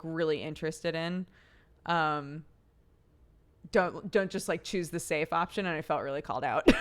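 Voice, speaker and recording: Young woman streamer rambling away, swears a lot, laughs a ton, smooth lowish voice. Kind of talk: casual chat.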